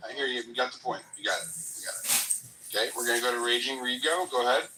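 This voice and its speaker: Fast-talking man moderating a call-in. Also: mid-range voice, distant mic, noisy background. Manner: interrupting, stammering, placating. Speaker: host.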